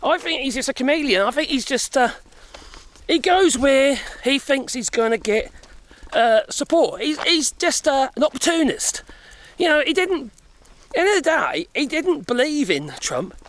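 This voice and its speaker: A man's voice: very high-pitched, very animated, normal speed, fairly bright tone. A middle-aged man from Europe chatting casually outdoors while walking in the woods, out of breath, rambling, swearing and chuckling often. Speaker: vlogger.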